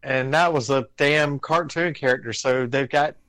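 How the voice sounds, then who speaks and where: A man co-hosting a podcast, chatting casually in a wry, deadpan way over a voice call. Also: medium pitch, normal speed, no echo. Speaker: podcast co-host.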